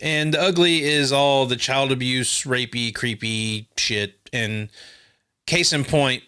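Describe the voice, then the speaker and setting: A man's voice: medium pitch, slow pace, pushed and bright, clear, resonant tone, no echo, clean studio sound. A man hosting a casual movie review podcast, blunt and wry, swearing freely. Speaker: podcast host.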